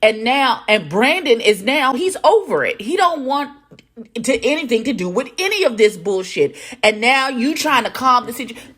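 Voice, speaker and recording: A woman, commenting loudly and profanely as she reacts to a reality show. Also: fairly high pitch, normal speed. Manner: loud, profane, animated, talks back at the screen. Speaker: reaction video host.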